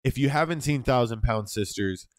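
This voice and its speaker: A man's voice: medium pitch, normal speed, no room sound. A man co-hosting a casual podcast. He jokes constantly and swears freely, in a voice that sounds a little tired in the throat. The sound is dry and close to the mic. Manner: profane, loose and joking. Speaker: podcast co-host.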